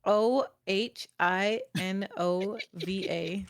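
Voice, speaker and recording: A woman's voice: mid-range voice, extremely slow, a little hiss or hum. A woman co-hosting a live stream, encouraging and laughing in casual chat. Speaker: co-host streamer.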